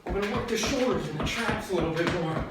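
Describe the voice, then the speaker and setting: A woman with a medium-pitched voice talks quickly as she instructs a workout in real time, bubbly and joking as she announces each move. The recording is distant and very echoey, with clear background noise.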